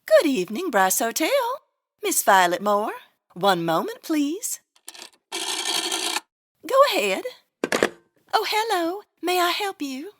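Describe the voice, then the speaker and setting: A sugary Southern belle clerk. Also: female voice, high voice, big pitch swings, slow, pauses often, a bit bright, slight background noise, exaggerated voice. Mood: chirpy. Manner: sugary, nosy, theatrical. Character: gossipy Southern belle hotel desk clerk woman. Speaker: hotel desk clerk. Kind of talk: comedy audio drama.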